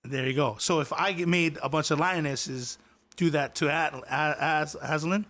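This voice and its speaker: A man's voice: fairly high pitch, moderate pace, a bit bright. A man co-hosting a podcast in casual chat, rambling and chuckling as he talks. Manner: rambling, chuckling, loose storytelling. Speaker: podcast co-host.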